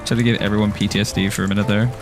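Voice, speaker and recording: This Irishman's fairly low voice stays level in tone while he races along over music. During his game stream he chats with viewers in a rambling, jokey way, laughing often and teasing himself.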